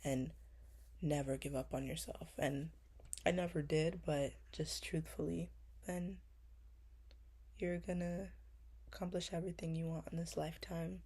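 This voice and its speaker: Near tears, a woman in her twenties who vlogs reflects casually on interview questions, earnest and emotional, pausing at length and using lots of fillers. Her low-pitched voice is warm and husky, with a level tone.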